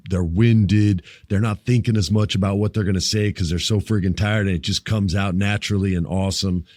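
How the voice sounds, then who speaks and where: A low-pitched man hosts a casual wrestling podcast, chatting loosely and cracking jokes at his listeners. He swears freely and jumps into wrestlers' lines with real energy. The sound is close and dry, with no room around it. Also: no room sound. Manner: animated, acts out wrestlers' lines in higher, louder voice. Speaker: podcast host.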